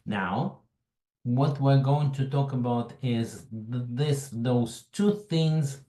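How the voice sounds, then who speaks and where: A man with a Russian accent hosts a webinar over a computer mic. He talks slowly and haltingly, with a mellow, relaxed tone, in an echoey room. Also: mid-range voice. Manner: slow, halting, greets attendees by name. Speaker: webinar host. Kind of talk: casual online presentation.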